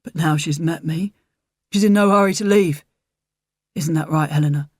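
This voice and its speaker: A woman's voice: sits low, normal speed, dry recording, studio quality. A woman voicing a frail, stubborn, mischievous elderly man in a storybook reading. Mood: wry. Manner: blunt, mischievous.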